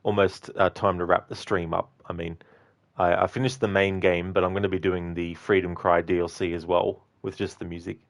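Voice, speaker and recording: Male streamer, very low voice, rambling friendly chat with viewers. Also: level tone, normal speed. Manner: chatty, thanks viewers by name, rambling asides. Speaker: game streamer. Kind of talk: casual livestream chat.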